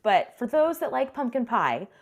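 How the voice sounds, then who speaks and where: A woman's voice: on the high side, big pitch swings, normal speed, dull audio. Chatty woman podcast co-host. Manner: chatty, many ums and likes, laughs often. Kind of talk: casual book chat.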